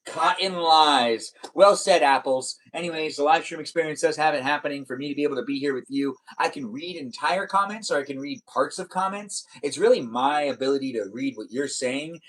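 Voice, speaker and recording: A man's voice: on the high side, fairly bright tone, rough recording. A man live streaming, chatting casually and reading out viewer comments in a rambling, repetitive way.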